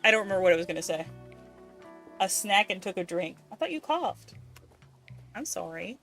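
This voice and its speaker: Woman game streamer, bright sharp voice, cusses a lot, soft music behind. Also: mid-range voice, sing-song, moderate pace. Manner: ranting, swears a lot, exasperated. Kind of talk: casual let's-play commentary.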